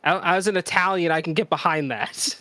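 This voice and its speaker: A woman co-hosting a casual stream chat, swearing freely and laughing between quick bits of banter. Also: on the low side, a bit bright, no echo. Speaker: podcast co-host.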